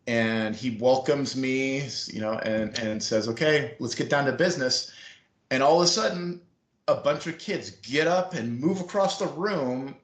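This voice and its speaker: A man's voice: medium pitch, a little slow. Rambling storyteller man on a video call. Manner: rambling, animated storyteller acting out quoted voices. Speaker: interview guest, former school staff member. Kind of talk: casual storytelling interview. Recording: roomy video-call audio.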